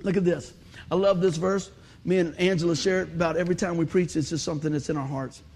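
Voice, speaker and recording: A man's voice: on the high side, steady tone, fast, a little mellow, a little hiss or hum. A male pastor, telling a funny story in a sermon, laughing often and acting out the voices.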